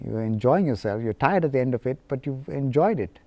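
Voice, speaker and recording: A man from India telling personal stories in an animated, playful way. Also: medium pitch, fast, dry recording. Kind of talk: personal storytelling.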